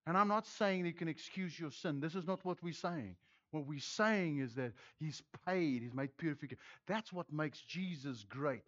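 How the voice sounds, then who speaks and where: Pastor, male, NZ accent, middle-aged, high voice, passionate preaching, dry muffled sound. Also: expressive, normal speed. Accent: New Zealand. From New Zealand. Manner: fiery, swings from shouting to quiet tenderness. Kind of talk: sermon.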